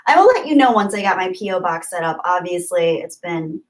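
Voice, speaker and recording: A woman with a lowish, sing-song voice talks briskly as she hosts a livestream. Laughing often, she keeps up a warm, chatty stream of casual talk, reading the chat and gushing friendly thanks to viewers.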